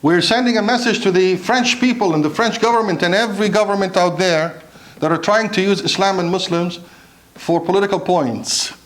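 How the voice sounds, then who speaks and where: A man's voice: high-pitched, fairly quick, a bit bright. A man preaching a Friday sermon in a mosque, impassioned, asking rhetorical questions and mixing in Arabic recitation.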